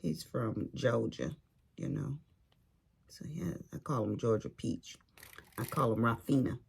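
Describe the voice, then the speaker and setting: An older woman from California chatting slowly over a craft project. Her voice is deep, gravelly and a little husky, and it rises and falls freely as she tells family stories. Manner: chatty storyteller, informal grammar. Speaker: crafting vlogger. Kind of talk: casual chat while crafting.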